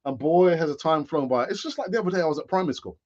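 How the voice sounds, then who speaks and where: Man, late fifties, higher-pitched voice, rambling live-stream host, dull lo-fi sound. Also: animated, very fast, a little mellow. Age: late 50s. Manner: rambling, chatty, with frequent fillers and restarts. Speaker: football fan channel host. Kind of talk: live-stream chat commentary.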